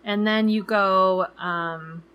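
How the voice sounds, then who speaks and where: A woman's voice: mid-range voice, steady tone, slow, clear, resonant tone, highs cut off. A woman in her thirties co-hosting a travel podcast in casual chat, talking loosely with many fillers and acting out people she quotes. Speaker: podcast co-host.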